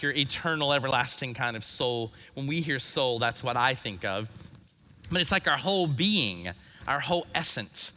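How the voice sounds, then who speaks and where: Bright-voiced male pastor in a reverberant hall. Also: fairly high pitch. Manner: earnest, reflective, drops soft on phrase ends. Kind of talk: sermon.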